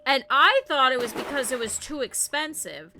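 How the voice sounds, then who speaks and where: A young adult woman streams a game while chatting casually, rambling through stories and laughing a lot. Her voice is high, animated, and sharp in tone at a moderate pace, with faint music playing behind her.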